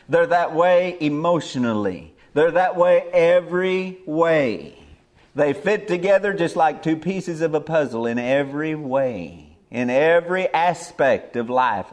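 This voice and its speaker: A male preacher delivers a sermon in plain, folksy country speech. His voice sits a little higher than most men's. He swells into emphatic, fervent exhortation.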